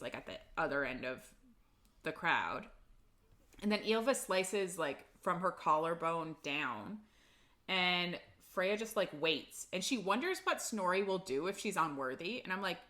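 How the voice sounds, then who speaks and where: A woman's voice: lowish voice, animated, measured pace, sharp tone. Chatty woman recapping a book. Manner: chatty recap with lots of "like" and swearing. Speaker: podcast co-host. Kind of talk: casual book-club chat.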